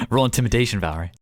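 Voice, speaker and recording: A man narrating as game master of a streamed tabletop game, rambling rapidly and loosely with many fillers. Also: mid-range voice, dry recording, studio quality.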